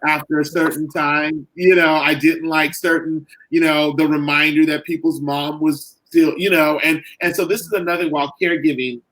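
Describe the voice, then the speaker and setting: A middle-aged man, a caregiver and author, talking earnestly in a podcast interview, halting and full of "you know" and "like". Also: on the high side, fairly even intonation, fairly bright tone, rough recording.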